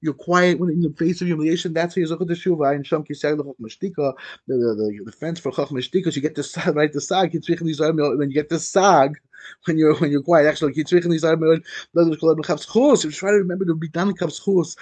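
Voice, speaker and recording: A quick-talking rabbi gives a daily Torah lesson in a fairly high male voice. He is animated and repeats words as he searches for the next phrase, and he often mixes in Hebrew terms. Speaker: rabbi teaching a daily class.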